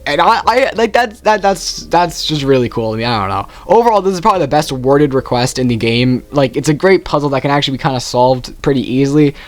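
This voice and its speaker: A man's voice: mid-range voice, fast talker, hardly any pauses. Rambling young man ranking game quests. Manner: rambling, self-correcting, with frequent "like". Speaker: gaming youtuber. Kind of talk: casual game ranking commentary.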